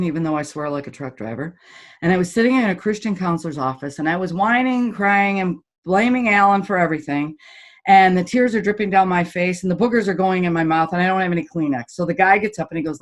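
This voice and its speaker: A woman's voice: lowish voice, fast talker. A middle-aged woman, a golf teaching pro and motivational speaker, telling stories bluntly and vividly in a podcast interview. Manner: blunt, lively storyteller who acts out quoted voices.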